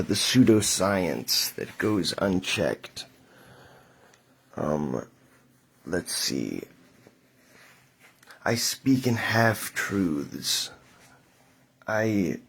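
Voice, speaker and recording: A young adult man delivers a rambling vlog monologue in a mock-grand, theatrical manner. His voice is gravelly and a little husky, low in pitch. He speaks slowly with wide swings in pitch. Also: sing-song. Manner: mock-theatrical, halting, chuckling asides. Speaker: vlogger.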